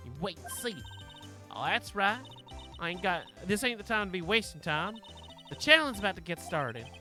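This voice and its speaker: Man playing Southern woman, brash, excitable, folksy, high-pitched, bouncy. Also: normal speed, soft background music, exaggerated voice. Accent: American Southern.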